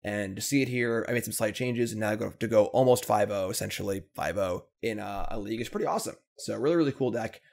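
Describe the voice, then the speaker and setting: A man's voice: lowish voice, quick pace, gravelly, few pauses. A man hosting a card game video, commenting casually on his play with mock-dramatic lament and upbeat wrap-up. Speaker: Magic gameplay video host.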